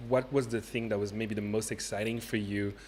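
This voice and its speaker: A man's voice: fairly low pitch, fairly even intonation, a little fast, a little mellow, slight background noise. An upbeat, chatty man hosting a casual livestream conversation with guests at a convention. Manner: upbeat, chatty, reads out chat messages. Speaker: livestream host. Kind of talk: casual chat. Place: convention venue.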